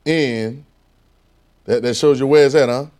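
A man's voice: mid-range voice, measured pace, a little mellow. A man with a Southern US accent preaching a sermon in a casual, coaxing call-and-response style.

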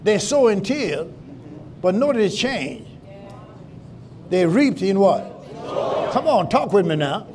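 A man as shouting preacher, high voice, live church crowd responding behind him. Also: sing-song, slow, long pauses. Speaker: pastor. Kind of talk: sermon. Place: church sanctuary.

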